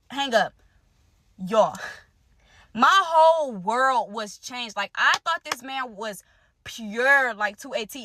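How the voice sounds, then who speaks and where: A young woman telling viewers a personal story in casual vlog talk, animated and direct, acting out what others said. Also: no room sound. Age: young adult. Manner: animated, talks straight to viewers, acts out quotes; wide swings in pitch and loudness. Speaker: storyteller vlogger.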